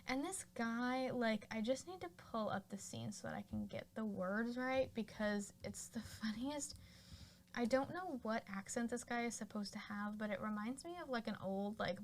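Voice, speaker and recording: A woman's voice: on the high side, a little hiss or hum. A woman hosting a podcast, casually retelling a film's plot with lots of fillers. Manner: chatty, full of fillers like "like" and "you know". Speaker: podcast host. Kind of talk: casual film recap.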